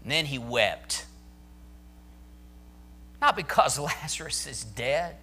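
A man's voice: medium pitch, lively intonation, takes it slowly, sharp tone. A man pastor preaching a sermon to his church, building to emphatic, intense declarations.

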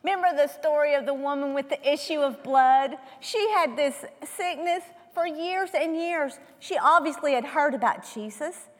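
A woman preaching a sermon who asks rhetorical questions and moves between loud emphasis and hushed tones. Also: high voice, normal speed, few pauses. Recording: long hall reverb.

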